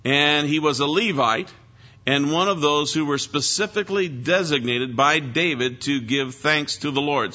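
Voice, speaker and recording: Guy preaching thru a psalm, earnest and emphatic, bright punchy voice, kinda muffled lo-fi sound. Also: a little high, normal speed. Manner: earnest, emphatic, stresses key words. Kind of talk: expository Bible teaching. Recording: dull lo-fi recording.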